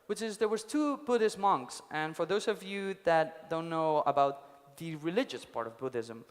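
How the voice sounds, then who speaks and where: Young male conference speaker, casual storyteller, high pitch, reverberant hall. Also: normal speed. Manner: casual, swears, tells parables with acted quotes. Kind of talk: storytelling talk. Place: conference stage.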